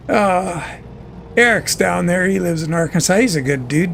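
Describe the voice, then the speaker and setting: A man's voice: high-pitched, animated, slow, creaky, pauses often, a bit bright, a little hiss or hum. A man from Canada hosting a livestream, chatting casually and thinking aloud as he plays a trucking game, with easy chuckles. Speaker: livestream host.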